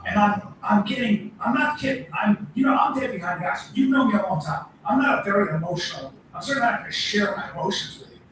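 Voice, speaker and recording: A middle-aged man co-hosting a podcast, telling animated stories in casual, swearing chat. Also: high voice, fast, hardly any pauses, distant mic, background noise. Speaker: podcast co-host. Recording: echoey room from off-mic.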